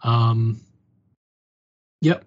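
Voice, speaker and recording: A man at a tabletop game talks slowly in a slightly husky voice, hesitant and jokey with many fillers. The recording is dull and lo-fi. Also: mid-range voice, steady tone. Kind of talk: character introduction in a tabletop game. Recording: dull lo-fi sound.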